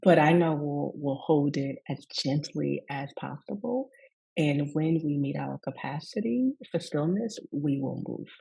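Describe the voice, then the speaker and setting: Low gravelly woman telling stories. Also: lively intonation, unhurried, poor audio. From US Deep South. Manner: warm storytelling with frequent laughs and asides. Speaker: guest speaker, rest coach. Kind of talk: conversational storytelling.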